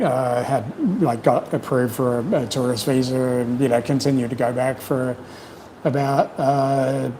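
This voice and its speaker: A man's voice: medium pitch, warm tone, a little hiss or hum, rough recording. A man, telling stories frankly and casually with lots of swearing and fillers. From New Zealand. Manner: frank, profane storytelling with many fillers. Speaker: channel host. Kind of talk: casual livestream chat.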